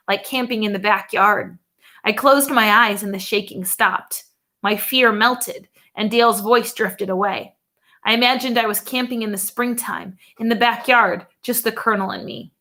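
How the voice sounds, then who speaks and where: A woman's voice: medium pitch, bright, forceful tone. A woman narrating a first-person children's novel with a vivid, urgent reading. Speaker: audiobook narrator.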